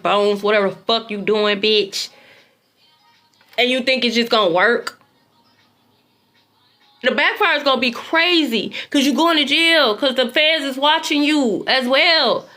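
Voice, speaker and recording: Brash, high-voiced tarot reader woman. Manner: blunt, profane, animated. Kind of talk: casual tarot reading livestream.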